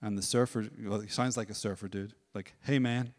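A man giving a testimony at a church service, telling his story in a lively way and acting out other people's voices. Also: fairly low pitch, a little fast, long reverb tail. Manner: storytelling, animated, acts out voices. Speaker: worship leader. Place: church hall.

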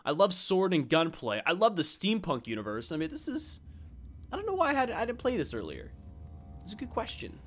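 A man's voice: high-pitched, wildly swooping pitch, brisk, a bit bright, soft background music. A man casually commenting on his gameplay, chatty and joking, often laughing. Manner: chatty, laughing, playful jokes. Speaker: let's play host.

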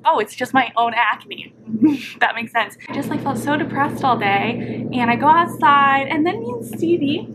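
Indoors in her apartment, a young woman vlogger chats casually to her camera, rambling with plenty of fillers. Her voice is high with lively intonation at normal speed, and there is background noise.

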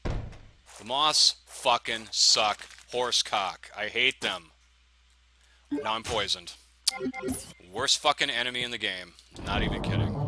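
A man of medium pitch commentates over his own gameplay, cursing and complaining about the enemies out of frustration. He's a let's play gamer, the audio is poor, and game music can be clearly heard behind his voice.

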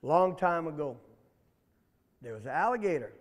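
A man's voice: on the high side, sing-song, normal speed, long reverb tail. A man, telling a children's story in a playful, chatty way and asking the children questions.

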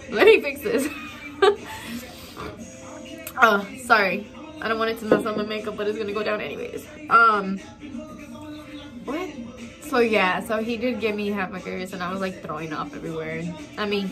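Young woman, beauty vlogger, emotional rambling storytime, lots of fillers, medium pitch, background music. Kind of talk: storytime while doing makeup.

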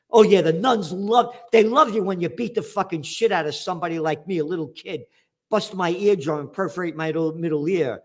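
A man hosting a show, reading news headlines aloud and answering them with profane, sarcastic rants. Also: sits high. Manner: profane, sarcastic, shouting mockery; reads headlines then mocks them. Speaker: trends forecaster and show host. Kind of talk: ranting commentary on news headlines.

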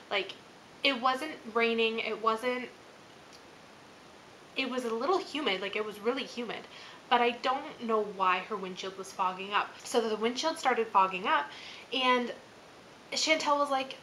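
Bright chatty woman telling a story. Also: fairly high pitch, a little slow, a little hiss or hum, low-quality recording. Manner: chatty, filler-heavy, laughs as she talks. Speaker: channel host. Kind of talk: casual storytelling vlog.

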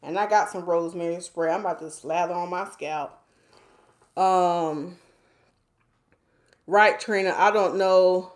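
A woman's voice: fairly low pitch, unhurried, long pauses, echoey room. Chatty woman doing hair. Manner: chatty, playful, talks to viewers as y'all, reads comments aloud. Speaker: hair stylist and vlogger. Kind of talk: casual livestream hair tutorial chat. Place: home.

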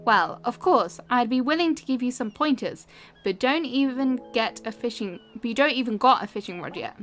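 A woman's voice: a little high, expressive, normal speed, a bit bright, faint music behind. A woman reading out the lines of a friendly male fisherman villager in a game, in her own voice. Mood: folksy. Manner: reads the game text aloud in her own voice.

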